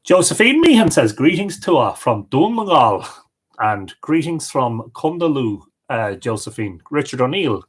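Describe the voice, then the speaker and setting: Chatty Irish man hosting a livestream. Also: mid-range voice. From Ireland. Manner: chatty, reads viewer comments aloud. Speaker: livestream host. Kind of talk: casual live-stream greetings.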